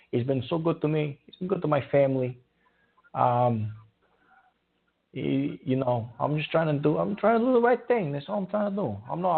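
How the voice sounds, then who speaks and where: A gravelly, fairly high-voiced man runs a call-in show, emphatic and repetitive, scolding callers one moment and thanking them the next. The sound is thin and phone-like. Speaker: call-in radio host. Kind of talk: talk radio hosting. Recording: tinny phone-like audio.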